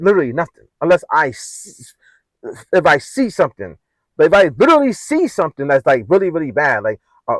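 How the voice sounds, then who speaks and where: American guy ranting about his day, pitch jumping all over, close dry sound. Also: no echo, poor audio. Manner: animated, repeats himself, frequent "you know what I'm saying". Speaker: vlogger. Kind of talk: casual storytelling rant.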